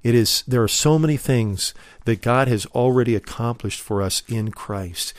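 A man preaches with earnest emphasis, slowing down to lean on key words and asking his listeners pointed rhetorical questions. His voice sits in a middle pitch and sounds close and dry, with no room echo. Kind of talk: sermon teaching.

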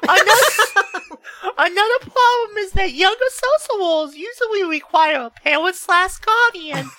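Woman with a super high bright voice, reads slow and giggly like it's dead serious. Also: lively intonation. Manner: giggly, slow, mock-solemn reading. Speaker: podcast co-host. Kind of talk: reading forum posts aloud in a mock earnest voice.

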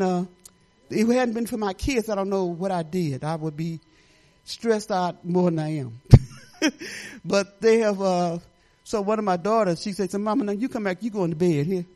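A woman's voice: medium pitch, a little mellow. An older woman giving a rambling, chatty testimony at church, often laughing and restarting her sentences.

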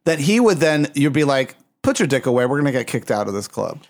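A man's voice: medium pitch, very animated, quick pace. A man co-hosting a casual podcast, telling wry stories about a friend.

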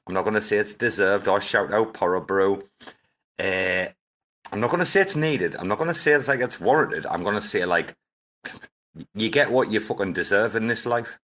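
A man's voice: on the low side, normal speed, a bit bright. A man hosting a casual live audio-room chat, rambling, swearing heavily and hyping things up. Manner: profane, rambling, hyped-up. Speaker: host.

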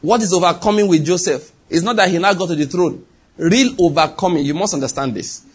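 Husky, animated preacher man. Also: high voice, brisk. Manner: animated, acts out voices in quoted dialogue, shifts from loud to hushed. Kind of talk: sermon.

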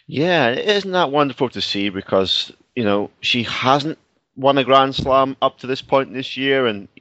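A man with a Scottish accent talking tennis as a co-host, measured and thoughtful with frequent fillers. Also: medium pitch, bright, forceful tone, no room sound, highs cut off. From Scotland. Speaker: co-host on the line. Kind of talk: casual sports chat.

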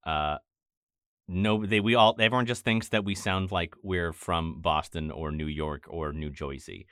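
A man from Maine chatting casually as a podcast guest, quick and joking, with a habit of swearing. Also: low-pitched, fairly bright tone, clear, resonant tone, no echo, studio quality. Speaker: podcast guest, audio editor. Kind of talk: casual chat.

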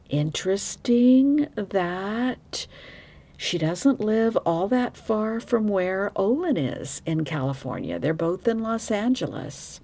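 A woman's voice: fairly low pitch, dark tone. A woman hosting a true crime podcast, telling the case in a frank, opinionated, conversational way with asides to her listeners. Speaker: podcast host.

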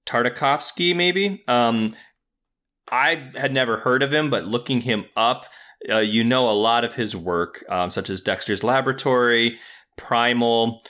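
Bright-voiced man in casual chat. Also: medium pitch, unhurried. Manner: rambling, many fillers and restarts. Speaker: podcast host.

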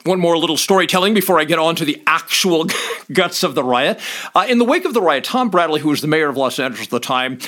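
A middle-aged man and former police officer telling stories in a casual monologue, blunt and swearing freely, laughing between points and acting out shouted commands. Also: fairly high pitch, quick pace. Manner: animated, acts out shouted commands.

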